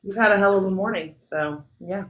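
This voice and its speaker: A woman co-hosting a casual chat show, talking in a relaxed, unhurried way. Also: mid-range voice. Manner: slow, laid-back, coos at her dog. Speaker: podcast co-host. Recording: roomy echo with faint music.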